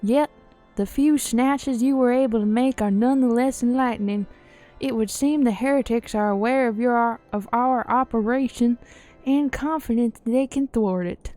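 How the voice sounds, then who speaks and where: A woman's voice: on the high side, normal speed, lightly acted. A woman reading as a stern noble knight commander. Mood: grave. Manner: formal, slightly slurred reading of game dialogue. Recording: soft music behind.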